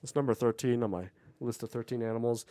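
A man's voice: medium pitch, quick pace, mellow, no room sound, studio quality. A young man co-hosting a podcast in casual chat, joking and self-mocking, laughing often. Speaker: podcast co-host. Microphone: podcast microphone.

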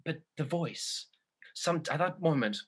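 A man's voice: on the high side, animated, measured pace, a little hiss or hum. A man voicing a pompous, self-important film director who rambles in a self-satisfied way.

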